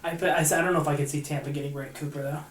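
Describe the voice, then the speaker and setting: A man co-hosting a casual hockey podcast, talking animatedly and breaking into laughter and loud gruff impressions. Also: a little high, steady tone, racing, roomy sound, slight background noise. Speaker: podcast co-host.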